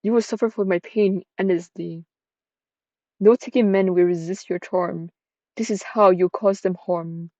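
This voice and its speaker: A woman's voice: lowish voice, fairly even intonation, a little slow, warm tone, dry recording, highs cut off, close to an everyday voice. A woman voicing a vengeful young woman who lays a rhymed curse in a solemn chant.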